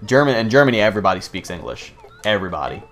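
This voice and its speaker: An American man with a fairly low voice, narrating a video game playthrough. He wanders between tangents and the game, cursing casually as he talks. Faint music sits in the background. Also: sing-song, very fast, a bit bright. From United States. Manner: rambling, profane, easily sidetracked. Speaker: let's play host. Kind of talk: gameplay commentary.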